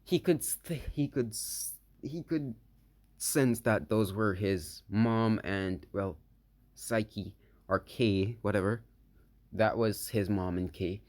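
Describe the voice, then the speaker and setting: A man telling an improvised fan story in a halting way, full of filler words and restarts. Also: lowish voice, a little mellow. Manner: slow, hesitant delivery.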